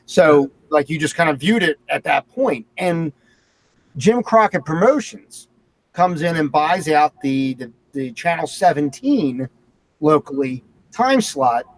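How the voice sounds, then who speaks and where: Male talk host, higher register, excited storyteller, dry close recording. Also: a little slow, no echo. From Philadelphia area. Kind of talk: casual chat.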